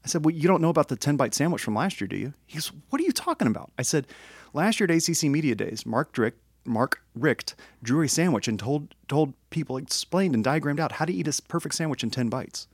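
A man's voice: on the high side, fairly quick, husky, no echo, clean studio sound. A man co-hosting a casual podcast chat, telling a story and acting out the quotes. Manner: animated storyteller, acts out quotes. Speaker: podcast co-host.

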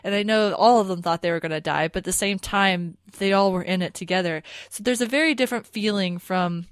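A woman's voice: medium pitch, brisk, smooth, dry recording, studio quality. A woman co-hosting a podcast, chatting casually and thoughtfully with plenty of hedging. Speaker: podcast co-host. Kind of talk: casual discussion.

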